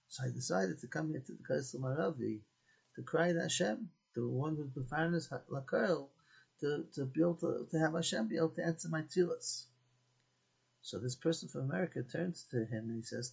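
Rabbi, male, earnest storyteller with a rough, gravelly edge; mixes in Hebrew and Yiddish terms. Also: medium pitch, moderate pace, rough recording. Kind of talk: Torah talk with a story.

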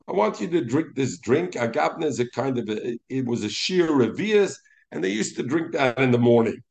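A man teaches a Talmud lesson, weaving Hebrew and Yiddish words into his English. His voice sits at a middle pitch with a gravelly, creaky texture. He talks animatedly and acts out the voices of the rabbis he quotes.

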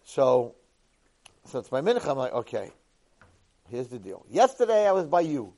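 A man giving a Torah lecture who tells a lively first-person story. He acts out the dialogue and swings between hushed and loud delivery. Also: medium pitch, normal speed.

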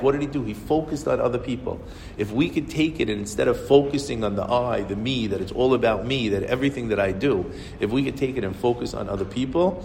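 A man delivering a storytelling sermon in an animated, lively way. His voice has a middling pitch and rings with a long hall reverb. A faint hiss sits underneath. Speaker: speaker giving a Torah talk.

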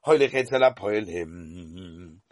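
A man's voice: sits low, expressive, slow, a little mellow, no echo, clean studio sound. A middle-aged man giving a Talmud lesson, talking animatedly and mixing Hebrew and Yiddish terms into English. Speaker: Talmud teacher.

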